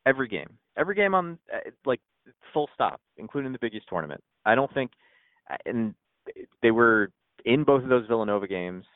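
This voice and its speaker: A man's voice: medium pitch, sing-song, fairly quick, no room sound. A man co-hosting a podcast in casual sports chat, rambling with many restarts. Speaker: podcast co-host. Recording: tinny phone-like line.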